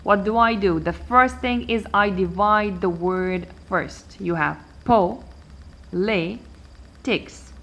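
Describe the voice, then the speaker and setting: A woman teaching an English pronunciation lesson, counting syllables aloud slowly and deliberately. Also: mid-range voice, sharp tone. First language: Arabic.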